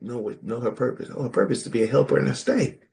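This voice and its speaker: This co-host talks fast in a creaky, mid-range voice during a casual group podcast on scripture. He stays animated and jokey, imitating people's voices in his quotes.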